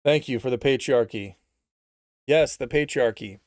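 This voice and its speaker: A man hosting a livestream, talking in a sarcastic, rambling way and reading out messages from his chat, with stretches of mock-anxious rapid-fire questions. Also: mid-range voice, no echo, studio quality. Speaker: livestream host.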